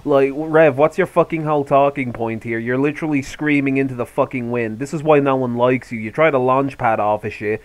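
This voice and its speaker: A man's voice: mid-range voice, brisk, hardly any pauses, no room sound. A man hosting a commentary video, ranting heatedly and sarcastically with constant swearing. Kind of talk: angry rant commentary.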